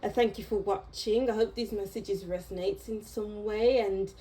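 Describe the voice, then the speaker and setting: A woman giving a tarot reading to her viewers, talking in a slow, reflective and gently encouraging way, pausing and restarting her thoughts. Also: medium pitch, fairly even intonation, low-quality recording. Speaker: tarot reader. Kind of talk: unscripted tarot reading monologue.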